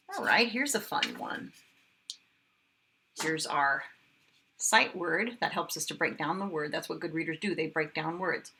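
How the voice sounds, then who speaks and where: A kindergarten teacher, a woman, sounding out words slowly and with exaggeration for young children in a phonics lesson. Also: sits low, gravelly, sharp tone, a little hiss or hum.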